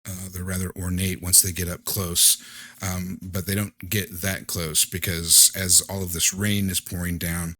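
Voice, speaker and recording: A man narrating as game master of a tabletop horror game, halting and relaxed with many fillers. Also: low-pitched, no echo.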